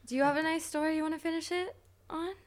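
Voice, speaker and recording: A woman's voice: sits high, steady tone, fast. A woman appearing as a guest on a podcast, chatting casually with playful interjections.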